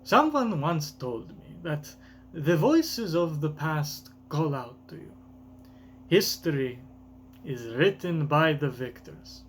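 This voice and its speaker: A man voicing a grieving old male genius scientist, reading slowly with a put-on accent. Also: on the high side, animated, slight background noise. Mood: solemn.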